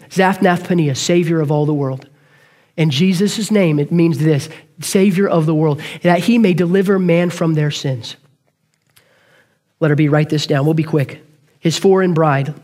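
A male preacher with a high voice tells a story in earnest. He moves quickly and sometimes stops to correct himself mid-sentence. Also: a little mellow. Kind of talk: sermon.

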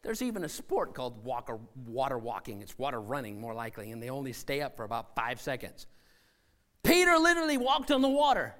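A man preaching a sermon as a missionary, acting out scenes and voices and swinging from shouting to hushed tones. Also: mid-range voice, huge pitch swings, a little fast.

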